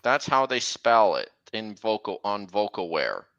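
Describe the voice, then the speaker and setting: A young man hosting a casual livestream, talking in a halting way with many restarts. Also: on the low side, very animated, a bit bright, dull audio. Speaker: livestream host. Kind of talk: casual stream chat.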